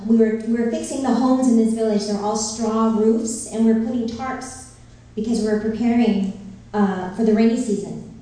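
A woman's voice: on the high side, warm tone. A middle-aged woman from Northern California giving a heartfelt church testimony as a missionary speaker, with a few ums along the way. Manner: earnest, heartfelt storytelling with many fillers. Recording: very echoey hall, from far off.

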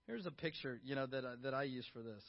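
A middle-aged man preaching a sermon in a conversational, animated way, full of rhetorical questions to the congregation. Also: mid-range voice, quick pace. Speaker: pastor. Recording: dull lo-fi sound.

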